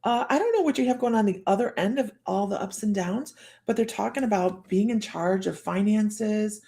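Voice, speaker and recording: A middle-aged woman with a hoarse voice, hosting a casual live-streamed psychic reading in a chatty, rambling way full of fillers and restarts. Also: mid-range voice, moderate pace, mellow. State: hoarse from a cold.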